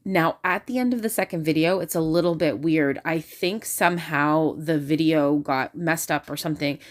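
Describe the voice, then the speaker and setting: A woman talking excitedly and casually into her phone, full of fillers and restarts. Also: sits low, moderate pace. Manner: excitable and talkative, many fillers. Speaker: religious video creator. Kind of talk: casual talk to camera.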